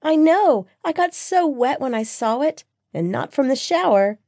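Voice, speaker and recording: A woman voicing an excited young best friend who gushes and giggles in an audiobook. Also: sits high, measured pace, no room sound, clean studio sound, voice pushed up. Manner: giggly, gushing, breathless.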